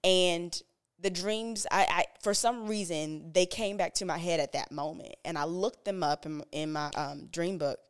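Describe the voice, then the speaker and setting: A woman's voice: lowish voice, a little slow, clean tone. A woman co-hosting a podcast, telling a personal story in an earnest, direct, conversational way. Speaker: podcast co-host.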